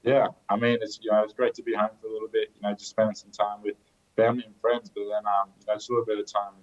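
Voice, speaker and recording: A man's voice: fairly low pitch, little pitch movement, fast talker, highs cut off. A young man, a basketball prospect being interviewed, rambling with lots of "you know".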